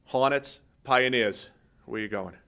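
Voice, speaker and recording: A man's voice: medium pitch, a little slow, gravelly, bright, forceful tone. A man co-hosting a sports podcast in casual, joking chat, rambling with restarts. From Massachusetts. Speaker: podcast co-host. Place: podcast studio.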